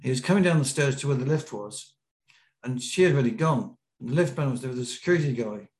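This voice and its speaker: A man's voice: medium pitch, fast talker. British man telling a wild story, roomy. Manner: lively anecdote teller, acting out quotes. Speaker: podcast guest, BASE jumper. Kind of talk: storytelling in an interview. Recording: roomy echo.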